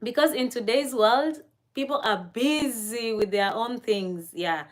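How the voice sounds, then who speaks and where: A woman hosting a casual livestream chat, talking straight to her viewers, laughing often and filling pauses with "uh" and "um". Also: on the high side. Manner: chatty, laughs often, many fillers; talks to chat viewers directly. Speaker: livestream host.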